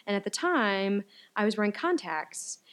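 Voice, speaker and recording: A middle-aged woman, a musical theater performer, chatting excitedly as a guest and laughing often. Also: medium pitch, moderate pace. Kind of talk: casual chat.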